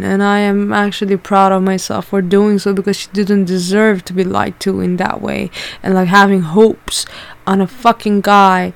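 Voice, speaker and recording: A woman's voice: medium pitch, gravelly, clear, resonant tone. A woman candidly telling a personal story in a casual way, swearing often and using lots of fillers.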